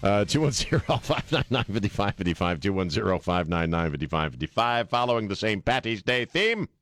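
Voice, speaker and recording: A man's voice: lowish voice, big pitch swings, brisk, a bit bright, no room sound, soft background music. A man hosting a talk radio show, blunt and joking, mixing banter with callers and the news. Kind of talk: talk radio monologue and call-in.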